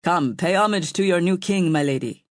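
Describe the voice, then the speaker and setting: A woman's voice: fairly low pitch, moderate pace, dry recording, clean studio sound, close to an everyday voice. A woman voicing a tall bearded nobleman with a thick accent, grand and formal in his welcome.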